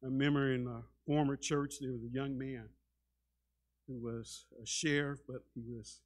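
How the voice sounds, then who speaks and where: A man preaching a sermon as a pastor, dramatic, shifting between loud and hushed delivery and often repeating words as he starts a sentence. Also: medium pitch, fairly even intonation, normal speed. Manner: dramatic, acts out quoted voices, swings between loud and hushed.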